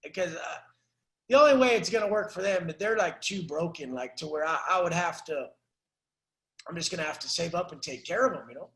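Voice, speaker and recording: A man's voice: a little high, fairly quick, fairly bright tone, echoey room, low-quality recording. A man coaching a client on a call, ranting in an intense, profane, preachy motivational way. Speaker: life coach.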